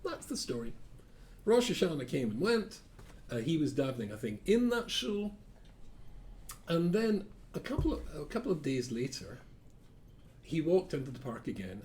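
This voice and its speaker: A man's voice: medium pitch, a little mellow. A man giving an informal Torah class as a rabbi, a rambling storyteller who keeps correcting himself and drops dry asides.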